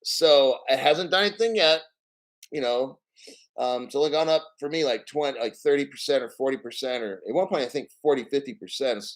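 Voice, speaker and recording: A man's voice: medium pitch, brisk. A man hosting a crypto livestream, chatting casually and rambling, swearing freely and greeting viewers by name. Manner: rambling, profane, reads chat names aloud. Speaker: crypto channel host.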